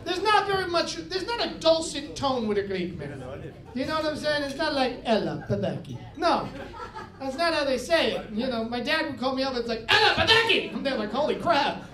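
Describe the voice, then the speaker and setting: A man from the United States performing a stand-up comedy set, with an animated, punchy delivery and shouted impressions of his father. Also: extremely high pitch, fairly quick. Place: comedy club stage with live audience. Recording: echoey club with crowd laughter.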